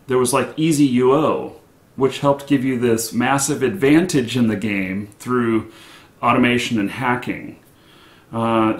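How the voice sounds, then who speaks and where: A man interviewing a game designer, asking long, halting questions. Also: mid-range voice, roomy sound. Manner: halting, searching for words.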